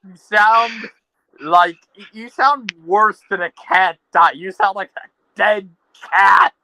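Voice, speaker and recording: Male co-host, bright tone, argues and ribs his buddy. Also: sits high, slow, a little hiss or hum, poor audio. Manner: argumentative, playfully insulting, keeps restarting his point. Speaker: podcast co-host. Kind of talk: casual chat about metal bands.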